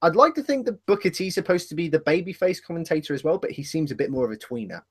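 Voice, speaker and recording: A man's voice: fairly high pitch, expressive, quick pace, husky. A man co-hosting a casual wrestling podcast, talking in a rambling way and correcting himself as he goes. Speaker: podcast co-host.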